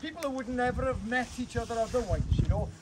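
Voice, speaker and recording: A man's voice: very high-pitched, animated, quick pace. A man with a Welsh accent giving a chatty, teasing, rambling speech to open a bird hide, full of asides. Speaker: guest speaker opening a bird hide. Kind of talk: humorous off-the-cuff public speech. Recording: crowd noise and background chatter.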